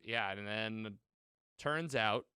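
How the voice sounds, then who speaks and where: Guy on a podcast rambling thru a movie recap, acting out the lines, smooth clear voice, dry close sound. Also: fairly low pitch, slow pace, dry recording. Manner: rambling, animated retelling with quoted lines and self-corrections. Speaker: podcast co-host. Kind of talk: casual movie recap chat.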